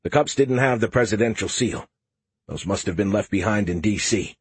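Husky low-voiced male narrator. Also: dry recording. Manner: wry, self-deprecating. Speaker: audiobook narrator. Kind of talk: first-person scripted narration.

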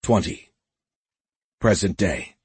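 Man reading a story aloud, measured and even, husky and dry. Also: deep voice, no echo. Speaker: audiobook narrator. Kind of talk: scripted narration.

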